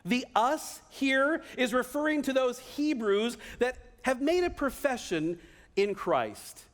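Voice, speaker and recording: A man pastor preaching a sermon in a church, animated, now and then acting out the voices of people cheering. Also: very high-pitched, takes it slowly. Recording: reverberant church hall.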